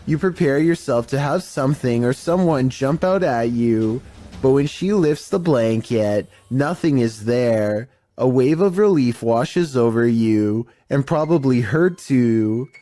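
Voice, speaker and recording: Mellow-voiced man narrating eerie clips. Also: medium pitch, lively intonation, no room sound. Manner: measured, mildly spooky storytelling. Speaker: narrator of a paranormal clip compilation. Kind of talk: scripted narration.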